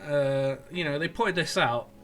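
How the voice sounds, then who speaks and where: A man's voice: fairly high pitch, a little slow, a bit bright, soft background music. A man ranting sarcastically in an online commentary video, with stumbling restarts. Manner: sarcastic, mocking, rambling. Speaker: political commentator.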